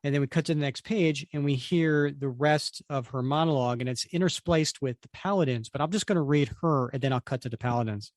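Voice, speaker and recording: A man's voice: medium pitch, brisk, hardly any pauses, no room sound, studio quality. A man co-hosting a podcast, chatting casually about comics and reading panels aloud. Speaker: podcast co-host. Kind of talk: casual comic book discussion.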